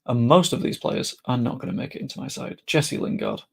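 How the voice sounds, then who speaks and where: A man's voice: mid-range voice, a little fast, gravelly, slightly rough. A young man giving casual, chatty commentary while playing a game, muttering to himself and swearing offhand. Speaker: gaming streamer.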